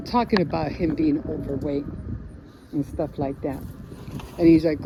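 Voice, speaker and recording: A woman's voice: low voice, unhurried, pauses often. A woman from the Chicago area vlogging casually on a walk with her dog, rambling and searching for words with lots of fillers. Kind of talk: casual vlog chat while walking. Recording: noisy outdoor phone recording.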